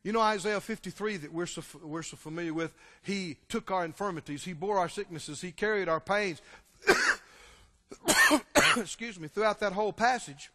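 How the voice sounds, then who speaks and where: Preacher guy, high bright voice, gets loud then drops way down, echoey hall. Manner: impassioned, rising to loud exclamations then dropping low. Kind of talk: sermon. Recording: long hall reverb.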